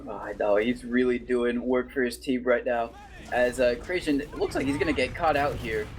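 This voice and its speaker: A man's voice: mid-range voice, normal speed, background noise. A man co-casting a live esports match in a laid-back, casual way, chuckling often. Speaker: esports caster. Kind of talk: live play-by-play commentary.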